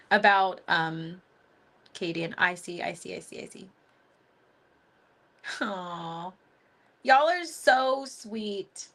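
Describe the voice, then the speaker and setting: A woman acting as a spiritual teacher hosts a live-stream Q&A, answering viewer comments in a casual, gushing, affectionate way, laughing often and leaning on fillers. Her voice is medium-pitched and gravelly.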